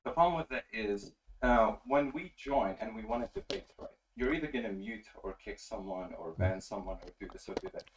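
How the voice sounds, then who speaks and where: A man's voice: fairly low pitch, expressive, fairly quick, recorded from a distance, a little hiss or hum, rough recording. A young man joins a voice-chat debate, talking casually and insistently with slang. He sounds set back from his microphone. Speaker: caller joining a debate. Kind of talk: online voice chat.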